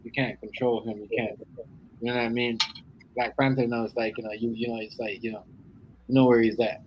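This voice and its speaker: Man, mid-pitched, animated, repeats phrases, faint background noise. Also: brisk, lo-fi sound. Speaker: co-host. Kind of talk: casual group chat.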